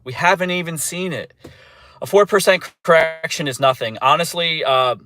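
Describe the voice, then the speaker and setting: A man's voice: fairly high pitch, normal speed, noisy background. A man hosting a crypto channel, ranting in mock panic, then earnestly calling the drop a buying chance. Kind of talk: sarcastic rant to camera.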